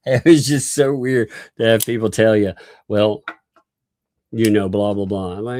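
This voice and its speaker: A man's voice: on the low side, steady tone, a little slow, pauses often, darkish tone, dry recording. A man with a Southern US accent hosting a casual livestream, laughing often and reading viewer messages aloud. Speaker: livestream host.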